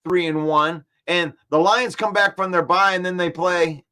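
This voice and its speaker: A man hosting a casual sports talk stream, animated and argumentative, repeating points for emphasis. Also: high-pitched, a little slow, clear, resonant tone. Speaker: sports show host. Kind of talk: casual live-stream chat, reading comments.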